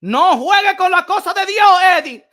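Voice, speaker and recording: A man's voice: very high-pitched, expressive, sharp tone, voice pushed up, heavily acted. A man putting on his scolding older grandmother's voice. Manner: scolding, rapid.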